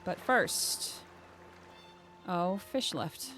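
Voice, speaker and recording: A woman's voice: fairly low pitch, big pitch swings, extremely slow, fairly bright tone, faint music behind. A woman hosting a gaming channel, giving playful let's-play commentary with giggly, jokey asides.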